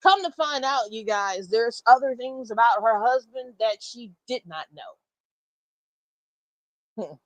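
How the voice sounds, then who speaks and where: A woman telling a story in a blunt, animated way. She swears freely and talks straight to her listeners as y'all. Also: a little high, a little slow, long pauses, no echo, rough recording. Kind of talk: casual storytime.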